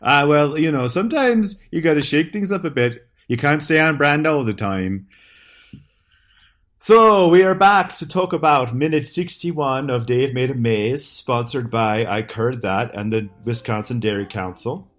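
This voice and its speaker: A man's voice: mid-range voice, moderate pace, few pauses. A man co-hosting a comedy podcast, joking and rambling, often cutting himself off mid-sentence. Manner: jokey, rambling, self-interrupting. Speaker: podcast co-host. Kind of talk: casual comedic chat.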